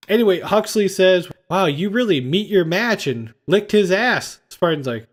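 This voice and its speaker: Casual man hosting a film chat, slightly higher voice, recaps scenes and quotes lines. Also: expressive, normal speed, few pauses. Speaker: podcast host. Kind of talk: casual movie review chat.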